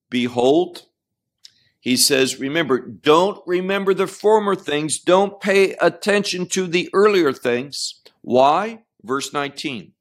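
Male Bible teacher, slightly high voice, unhurried, deliberate verse-by-verse explanation. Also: fairly bright tone. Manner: deliberate, often repeats and restarts words; explains Hebrew terms.

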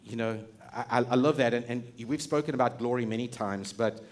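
Male pastor, middle-aged, animated sermon, chatty delivery, frequent restarts. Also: mid-range voice, brisk.

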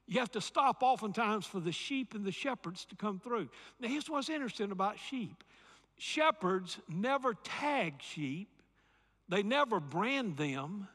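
Southern male pastor, high lively voice, emphatic sermon delivery, big echoing hall. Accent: Southern American. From Alabama, USA. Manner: emphatic preaching, repeats key phrases, calls for audience response.

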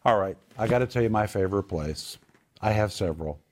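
A middle-aged man with a fairly low voice hosts a relaxed conversation. He tells stories animatedly, his voice climbing as he gets excited. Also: brisk. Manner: animated storyteller, voice rising with excitement. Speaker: host. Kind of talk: casual chat.

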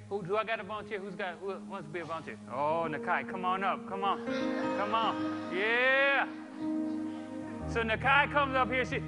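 A pastor with a very high voice preaches a sermon, his sound filling the big room of a church sanctuary. He's conversational with the congregation, checking in with them, and demonstrative, acting out examples with animation.

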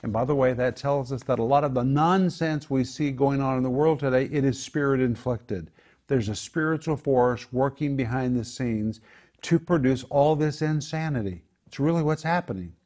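A man leads a Bible study in a home group, unpacking the original Greek words one by one. He drives his points home by repeating key phrases, and his pitch sits in the middle of the usual range for a man. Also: normal speed, a little mellow. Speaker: Bible teacher.

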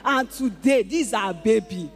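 A Nigerian woman tells her testimony to a congregation with lively, exclaiming energy. Her voice carries a long reverb from a large church auditorium. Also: fairly high pitch, normal speed. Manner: animated, exclaiming, acts out dialogue. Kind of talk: emotional testimony before a congregation.

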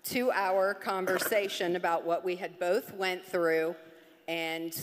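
A woman's voice: lowish voice, steady tone, slow, in a large hall, a little hiss or hum. A woman giving a personal testimony on a church stage, telling her story with laughs and acted-out quotes.

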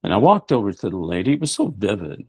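A man's voice: lowish voice, big pitch swings, fast talker, a little mellow, slightly rough, dry recording. A middle-aged man hosting a show, preaching emphatically with rhetorical questions. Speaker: show host. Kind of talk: preaching talk-show monologue.

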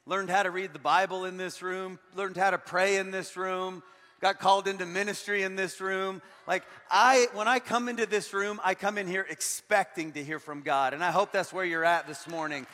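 A middle-aged man preaching as a guest pastor, lively and joking, turning earnest. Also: high voice, moderate pace. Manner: energetic and joking, switching to earnest. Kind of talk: sermon. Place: large church hall. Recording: long hall reverb.

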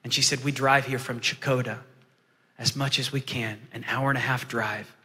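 A male pastor delivers a sermon in a large church hall, his voice ringing with a long reverb. He talks in a bright, forceful tone, sinking to a hush when he tells a story and climbing to shouts as he preaches. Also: mid-range voice, steady tone, moderate pace. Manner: swings from hushed storytelling to loud preaching.

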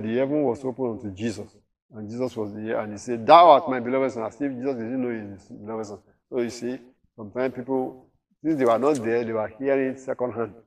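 A man leads a Bible study at a middling pitch. He reads verses aloud, then explains them and keeps asking his listeners questions. His voice sits a little back from the microphone. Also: a little mellow, far from the mic. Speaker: Bible teacher.

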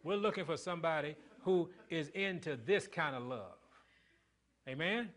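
A middle-aged man of the cloth preaches with a fairly high pitch and lively intonation at a moderate pace. He quizzes the congregation call-and-response style, alternating loud emphasis with hushed lines.

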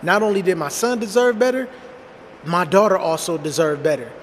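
A high-voiced man in his thirties tells a personal story bluntly and casually. He talks straight to his viewers with lots of slang. His voice carries a long reverb, with a faint hum underneath. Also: moderate pace. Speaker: storytime vlogger.

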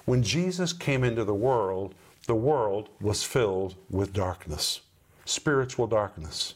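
A middle-aged man hosting a Bible-teaching program, who talks emphatically and slows down to stress key words. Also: fairly low pitch, expressive, slightly rough.

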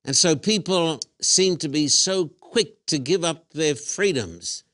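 Measured male pastor-host, dry sound. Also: a little high, lively intonation, fairly bright tone, no echo. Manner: measured, poses rhetorical questions. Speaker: pastor hosting an interview. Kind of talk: interview questioning.

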